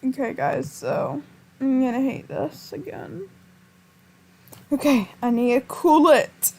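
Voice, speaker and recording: A woman with a high voice narrates her game in a panicky, pleading way, speaking to her viewers. She talks slowly and drawn out, with plenty of pauses between bursts. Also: animated, warm tone. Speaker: gamer. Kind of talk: gameplay commentary.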